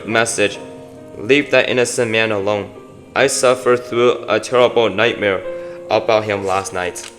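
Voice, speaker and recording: Low-voiced man reading scripture. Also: fairly bright tone. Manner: reads aloud with frequent slips and self-corrections. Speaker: Bible reader.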